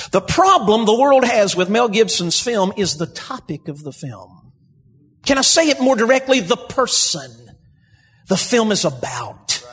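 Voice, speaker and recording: A man preaching a sermon, building to shouted emphasis. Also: extremely high pitch. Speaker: pastor. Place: church sanctuary. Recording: long hall reverb, husky.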